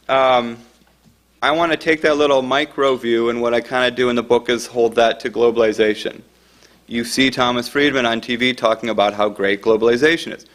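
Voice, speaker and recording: A middle-aged man giving an informal talk about his book, his voice pitched in a medium range. He speaks conversationally and drifts off on asides. Now and then he acts out the people in his stories.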